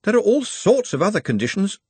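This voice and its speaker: A man doing a slow, fretful old wizard official. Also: sits high, sing-song, a little mellow, breathy edge, dry recording, pitched above the performer's own voice, full character voice. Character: slow, pedantic older male wizard official.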